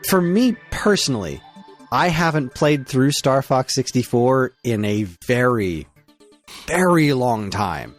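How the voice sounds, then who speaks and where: A man co-hosting a loose gaming podcast, his voice rising and falling expressively as he gives strong opinions. He talks casually and swears without a second thought, and faint music sits low in the background. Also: very animated, slow. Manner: enthusiastic and opinionated, swears freely. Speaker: podcast co-host.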